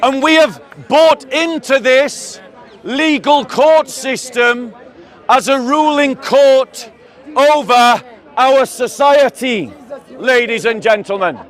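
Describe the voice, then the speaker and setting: A man with a southern English accent, giving a declamatory public speech to a crowd outdoors and calling them ladies and gentlemen. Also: very high voice, takes it slowly. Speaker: street preacher.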